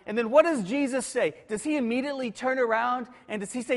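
A man preaching a sermon, moving between hushed, quiet passages and emphatic, rising declarations. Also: extremely high pitch, moderate pace, few pauses. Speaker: pastor. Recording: long reverb of a large hall.

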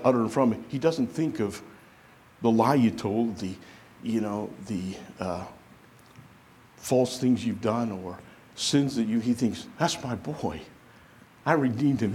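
A man preaching a sermon to a congregation, lively and conversational, acting out the voices of people he quotes. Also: mid-range voice, a little hiss or hum. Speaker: pastor.

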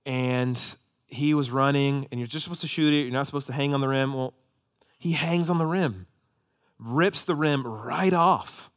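A man preaching a sermon, impassioned, swinging from loud emphatic peaks to low hushed asides. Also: normal speed. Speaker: pastor.

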